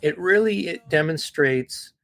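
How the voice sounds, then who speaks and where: A man's voice: fairly high pitch, lively intonation, unhurried, background noise. A man talking as a podcast guest, telling stories in an earnest, heartfelt way and often checking in with "right?". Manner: heartfelt, repeats words and asks "right?". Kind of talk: earnest conversational storytelling.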